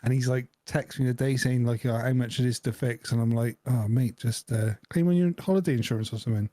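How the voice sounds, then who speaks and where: A man's voice: mid-range voice, fast, dark tone, dry recording. A man, co-hosting a podcast in a jokey, laughing chat. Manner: jokey, laughs often, acts out voices in anecdotes. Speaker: podcast co-host. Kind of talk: casual chat.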